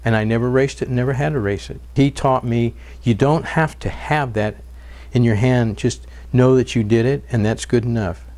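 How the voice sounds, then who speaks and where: A man's voice: medium pitch, fairly even intonation, moderate pace, a little mellow. A man telling stories in an interview, earnest, with frequent fillers and restarts. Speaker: documentary narrator and interviewee. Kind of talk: interview and narration.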